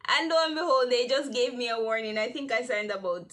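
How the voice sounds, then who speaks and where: A young woman retells a personal story for her devotional channel in a relaxed, chatty way. Her voice is bright and somewhat high, and she often breaks into laughter as her telling grows animated. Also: a little fast. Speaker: devotional vlogger.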